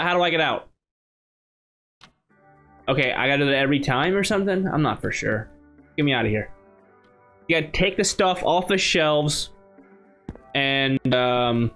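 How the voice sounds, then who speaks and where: A man's voice: fairly high pitch, a bit bright. A man from the United States giving chatty, casual commentary while playing a game, thinking aloud with many restarts. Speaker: gaming channel host. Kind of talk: casual let's-play commentary.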